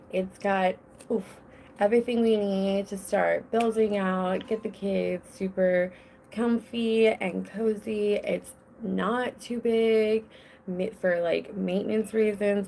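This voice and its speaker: Young woman host, casual home podcast, slow drawl with vocal fry, restless and self-interrupting. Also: mid-range voice, darkish tone, a little hiss or hum. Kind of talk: casual solo podcast chat. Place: home with children nearby.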